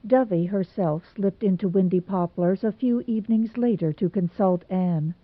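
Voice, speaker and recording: A woman reads a chapter of a novel aloud in a measured, storytelling manner at a middle pitch. The sound is thin and narrow, like a phone line, and completely dry. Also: dry recording. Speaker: audiobook narrator. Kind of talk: scripted narration.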